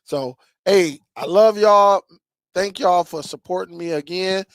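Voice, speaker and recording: A man hosting a streaming tech channel, chatting casually with viewers and telling stories in an animated way, laughing and repeating himself. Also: high-pitched, unhurried, smooth, no room sound, studio quality.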